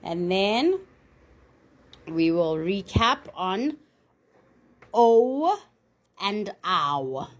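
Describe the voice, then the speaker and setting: A woman's voice: medium pitch, very animated, drawn-out words, pauses often. A woman teaching a phonics lesson, sounding out each letter and then saying the whole word. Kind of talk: slow, deliberate phonics lesson.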